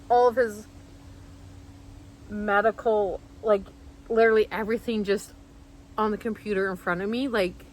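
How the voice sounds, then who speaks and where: A woman's voice: mid-range voice, steady tone, normal speed, pauses often, slight background noise, low-quality recording. A woman vlogger telling a personal story straight to camera, rambling and heartfelt, full of "like" and restarts.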